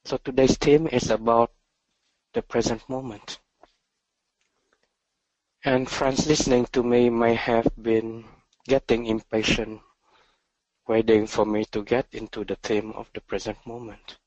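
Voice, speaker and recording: Man, meditation teacher, dharma talk, soft-spoken, halting, very slow, dry close sound. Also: mid-range voice, flat delivery, no room sound, low-quality recording.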